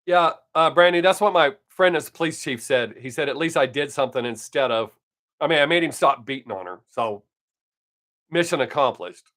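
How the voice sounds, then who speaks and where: A man's voice: fairly high pitch, expressive, normal speed, fairly bright tone. An older man, chatting casually on his live stream from home and telling stories bluntly, with plenty of swearing. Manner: profane, blunt storytelling.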